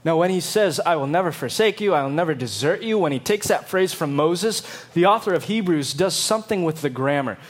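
Man preaching, high voice, dramatic and emphatic delivery. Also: animated, a little fast, few pauses. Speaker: pastor. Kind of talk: sermon.

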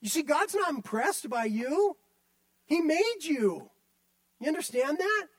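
High-voiced man preaching emphatically. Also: very animated, measured pace, no echo. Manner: emphatic, repetitive preaching with direct address. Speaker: pastor. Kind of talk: sermon.

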